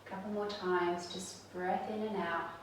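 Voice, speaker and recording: Yoga teacher lady talking you through chair stretches, gentle and steady, voice bouncing round a big echoey room from far off. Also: on the low side, a little slow, a little hiss or hum. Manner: calm, gentle cueing of breath and movement. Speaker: yoga instructor. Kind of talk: guided chair yoga instruction.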